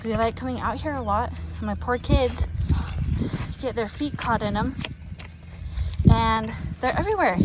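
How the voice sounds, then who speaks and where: A woman's voice: a little high, unhurried, long pauses. Bubbly woman vlogging outdoors. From Texas. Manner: chatty, bubbly, excitable, lots of ums. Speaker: gardening vlogger. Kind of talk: casual outdoor how-to vlog. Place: outdoors in a backyard. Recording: outdoor noise behind the voice.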